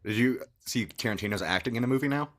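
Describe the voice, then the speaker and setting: A man's voice: mid-range voice, quick pace. A man co-hosting a movie podcast, chatting casually and wrapping up the episode. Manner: relaxed, wraps up the show. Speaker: podcast co-host. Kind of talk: casual chat.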